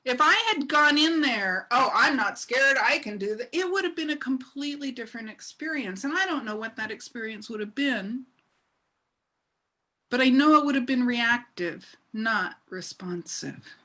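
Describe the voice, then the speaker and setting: A middle-aged woman preaches a sermon in a bright, ringing voice that sits fairly high. She tells her story with energy and laughter, and she keeps turning to her listeners with questions. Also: normal speed. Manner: animated, laughing storyteller who asks the congregation questions. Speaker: minister.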